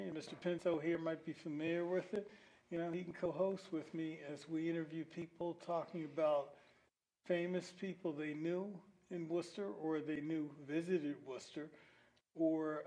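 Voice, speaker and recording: A man's voice: fairly high pitch, mellow, low-quality recording. A man hosting a local-history talk show, rambling a little with fillers and restarts. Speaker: host. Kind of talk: casual local-history chat.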